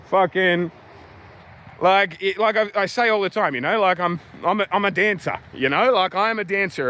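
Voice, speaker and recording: Australian male vlogger, agitated sweary rant, somewhat high-pitched, street noise faintly behind. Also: fairly bright tone. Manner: swearing, agitated, rambling with many "like"s. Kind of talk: angry vlog rant.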